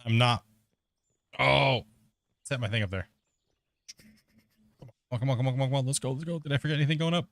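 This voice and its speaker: A man's voice: mid-range voice, fairly even intonation, a little fast, gravelly, long pauses, a bit bright, no echo. A man streaming a game live, bantering and teasing with viewers and teammates in a joking way. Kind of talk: live gameplay chat with viewers.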